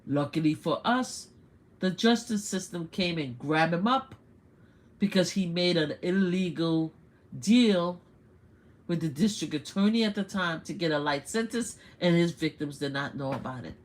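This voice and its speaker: An older woman with a New York accent, hosting a live stream and giving blunt, animated political commentary full of rhetorical questions. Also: lowish voice, measured pace. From United States.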